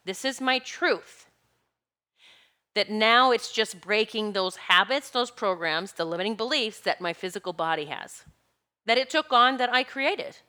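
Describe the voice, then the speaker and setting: A woman's voice: mid-range voice, lively intonation, a little slow, pushed and bright. A woman giving a casual spiritual talk, rambling and searching for words, with laughs between her thoughts. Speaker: spiritual speaker.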